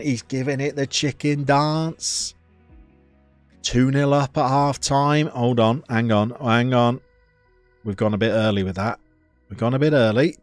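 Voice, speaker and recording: A man live-streaming a football management game, chatting to viewers and reacting loudly to the play. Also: medium pitch, dry recording.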